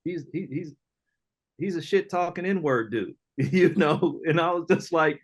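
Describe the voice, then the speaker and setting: A middle-aged man, an entrepreneur guest, telling casual stories in an animated, slangy way, often acting out other people's lines. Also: a little high, unhurried. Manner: animated storyteller, slangy, acts out quoted voices, laughs often. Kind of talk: casual storytelling interview.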